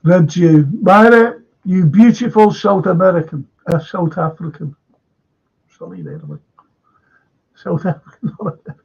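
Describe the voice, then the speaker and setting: A man's voice: fairly high pitch, big pitch swings, moderate pace, vocal fry, long pauses, dark tone, slightly rough. An older man with a Liverpool accent hosting a live current-affairs stream, rambling chattily and greeting viewers from the chat. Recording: dull lo-fi stream audio.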